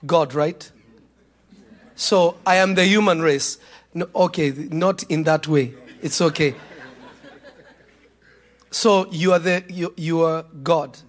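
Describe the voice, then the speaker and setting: A man preaching a sermon to a congregation, joking and laughing through his stories before rising to shouted points. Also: fairly high pitch. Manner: humorous, laughing at his own stories, then building to shouts.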